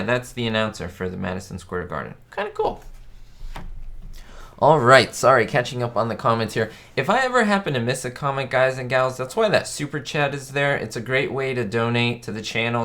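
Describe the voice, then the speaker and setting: A man's voice: mid-range voice, a bit bright. A man hosting a casual live stream, chatting upbeat and rambling as he reads out viewers' comments. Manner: rambling with frequent fillers and restarts. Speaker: channel host.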